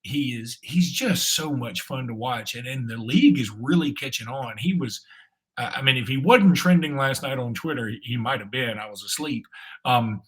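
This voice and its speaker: Co-hosting a sports podcast, a man rambles casually with frequent restarts and fillers. His mid-range voice is husky, with lively intonation at normal speed.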